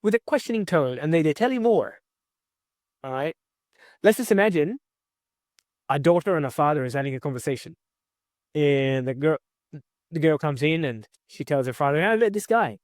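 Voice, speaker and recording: A man teaching an online communication course in an energetic, repetitive way, often checking in with "right?". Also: on the high side, moderate pace, pauses often, no room sound, clean studio sound. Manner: energetic, repetitive, with frequent tag questions. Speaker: communication coach.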